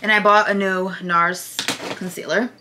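A woman's voice: medium pitch, steady tone, unhurried, background noise. A young woman in her twenties telling a personal story in a casual vlog, candid and chatty, talking to a phone camera at home. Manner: candid, chatty, filler-heavy with frequent "like". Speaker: vlogger. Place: indoors at home. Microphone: phone camera at close range.

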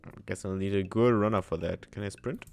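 A man's voice: on the low side, steady tone, fairly quick, creaky. A man giving jokey, self-mocking commentary while playing a video game. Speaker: gaming YouTuber. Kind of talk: let's-play commentary.

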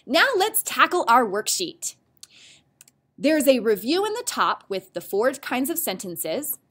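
A woman teaching a grammar lesson, explaining patiently and clearly, step by step. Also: high-pitched, very animated, unhurried, a bit bright.

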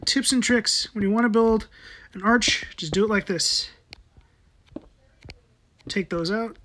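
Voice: mid-range voice, a little slow, a bit bright. A person giving casual gameplay commentary, muttering to themselves while building and swearing often.

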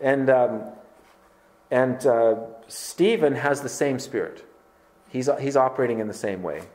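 A man's voice: medium pitch, unhurried, darkish tone. A man preaching a sermon as pastor, emphatic and conversational, firing rhetorical questions at his congregation. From Canada. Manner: conversational with filler words.

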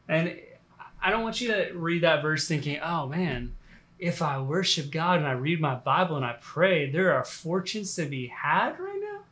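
A man giving a relaxed, conversational sermon, full of fillers and restarts. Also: on the high side, a little slow. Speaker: pastor.

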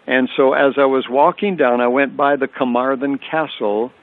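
A man's voice: mid-range voice, normal speed. An older man giving an earnest personal faith testimony as a radio guest, telling his story with repeated phrases. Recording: tinny phone line on radio.

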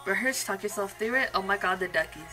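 A woman's voice: medium pitch, fast, bright, forceful tone, rough recording. A young woman hosting a music video reaction, chatty and gushing as she comments. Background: faint music.

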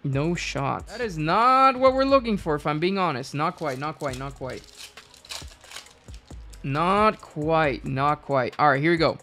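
A woman hosting a live card-opening stream, excitable and repeating hype phrases in bursts. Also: low-pitched, a little slow, soft background music.

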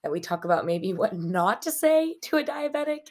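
A young woman in her twenties, co-hosting a casual podcast chat, animated and giggly, acting out what people say. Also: mid-range voice, fairly quick. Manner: animated, giggly, acts out quotes. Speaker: podcast co-host.

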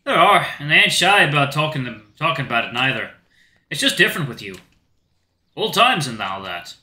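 A man's voice: fairly high pitch, sing-song, a little fast, sharp tone, reverberant, full character voice. A man voicing a sweet, easygoing young male sailor talking with an old friend.

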